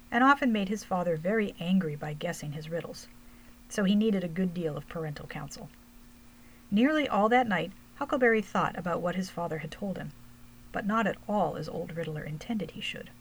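A woman narrating a storybook aloud in a steady, measured way. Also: on the low side, slightly rough, rough recording. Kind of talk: storybook reading.

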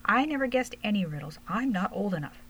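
A woman's voice: medium pitch, animated, brisk, fairly bright tone, a little hiss or hum, close to an everyday voice. A woman reading aloud as a small, wary little girl from a storybook who answers in short, blunt lines. The voice lifts a little above the reader's own.

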